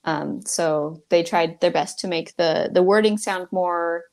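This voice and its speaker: A young woman illustrator chatting in a friendly, easygoing way, with fillers and quick laughs. Her voice sits a little low for a woman. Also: vocal fry, darkish tone. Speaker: children's book illustrator. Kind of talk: casual bookstore video chat.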